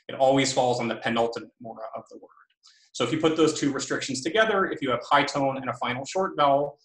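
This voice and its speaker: A male lecturer walks through his slides in a measured, mid-pitched voice, filling pauses with ums and letting phrases fade at their ends. The sound carries a noticeable room echo from a laptop mic. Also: a bit bright. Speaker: linguistics lecturer. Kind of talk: academic talk on slides. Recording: roomy echo.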